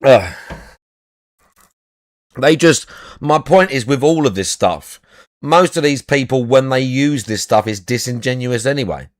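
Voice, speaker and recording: A man's voice: mid-range voice, measured pace, long pauses, dry recording, clean studio sound. A young adult man chatting casually as a podcast co-host, blunt and sweary, repeating his points. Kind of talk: casual chat.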